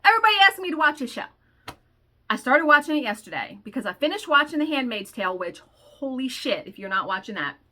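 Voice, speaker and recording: Bright-voiced woman telling a blunt story. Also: sits high, big pitch swings, quick pace. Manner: blunt, profane, exasperated storytelling. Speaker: stitching vlogger. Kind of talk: casual storytelling chat.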